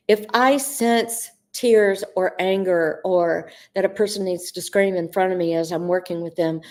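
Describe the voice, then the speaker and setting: A middle-aged woman hosting a live Q&A on spiritual coaching, speaking earnestly and addressing viewers by name, with drawn-out, emphatic phrasing. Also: medium pitch, a little mellow. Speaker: host answering viewer questions.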